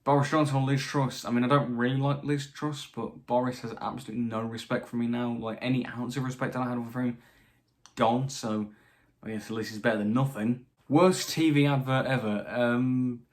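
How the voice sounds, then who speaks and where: A man's voice: medium pitch, fairly even intonation, moderate pace. A young British man answering viewer questions in a casual chat, with frequent restarts and dry asides, his voice a little tired late at night. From Britain. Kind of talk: casual Q&A monologue.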